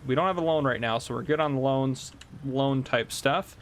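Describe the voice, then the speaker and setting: A man's voice: medium pitch, moderate pace, slight background noise. A man casually commentating a farming game and telling police stories, chatty and laughing often. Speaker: gameplay host and police officer.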